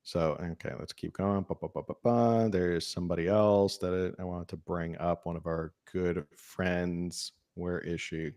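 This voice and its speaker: A man's voice: low voice, little pitch movement, measured pace, hardly any pauses, darkish tone, clean tone, dry recording, studio quality. A man hosting a casual political talk show, reading news articles aloud and adding his own asides. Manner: conversational, reads articles with asides and filler hums. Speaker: podcast host.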